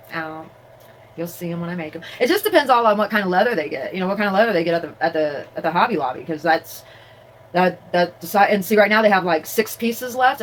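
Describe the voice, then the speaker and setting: Vlogging casually from inside her home, a crafter talks in a lowish voice. She rambles with lots of fillers and restarts, and the rough recording carries slight background noise.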